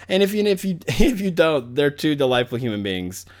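A man's voice: on the high side, big pitch swings, normal speed. A man hosting a podcast, talking in a rambling, joking way full of fillers. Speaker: podcast host. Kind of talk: casual podcast chat.

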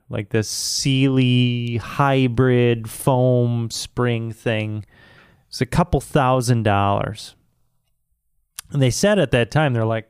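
A man with a smooth, resonant voice tells a story of annoyance in an unvarnished, profane rant. He sounds close to the mic in a dry room with no echo. His pitch sits right in the middle for a man. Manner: profane, exasperated, mimics others in high put-on voices. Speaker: podcast co-host.

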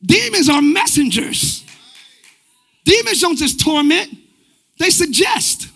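A man preaching a live church sermon in a casual, energetic way, using everyday slang and talking straight to the congregation. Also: very high voice, slow, creaky. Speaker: pastor. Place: church sanctuary.

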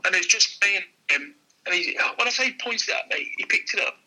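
A man, a former car dealer, telling animated anecdotes in casual conversation and voicing the people in them. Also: high voice, rough recording. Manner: animated, quick anecdote with voiced quotes. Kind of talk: casual storytelling.

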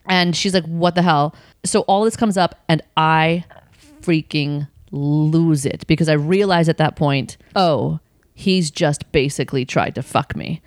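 A woman telling a work story in casual chat, animated and swearing, acting out what she said back then. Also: sits low, a little slow, no echo. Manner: animated, swearing, acts out her own past lines.

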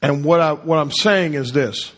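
In a fairly high, somewhat bright voice at a moderate pace, a pastor leads a sermon. He keeps quizzing the congregation through call-and-response, and the recording carries the long reverb of the church hall.

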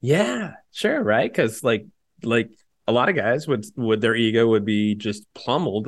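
A man's voice: medium pitch, expressive, measured pace. A man hosting a podcast, reacting to a guest's story with jokes and encouragement. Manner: supportive, jokey reactions. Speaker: podcast host. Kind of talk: casual chat.

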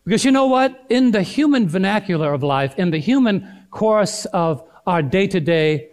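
A middle-aged male pastor preaching a sermon, swinging between loud and hushed delivery and calling out to the congregation. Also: high-pitched, animated, normal speed.

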